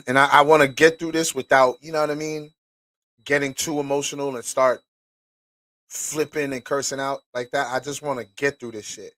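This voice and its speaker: A man at middle pitch talks to his podcast listeners in a loose, blunt, profane way. The sound is close and dry, with no room echo. He reads a document aloud and stops often for asides. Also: fairly even intonation, moderate pace, fairly bright tone. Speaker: podcast host. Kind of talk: casual podcast commentary, reading a document aloud.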